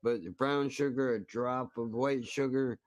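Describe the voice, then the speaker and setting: Male stream host, mid pitch, crisp dry voice, profane and mock-indignant commentary. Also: fairly even intonation, unhurried, dry recording. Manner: profane, ranting, mock-outraged. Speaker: stream host reacting to a video. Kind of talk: casual reaction commentary.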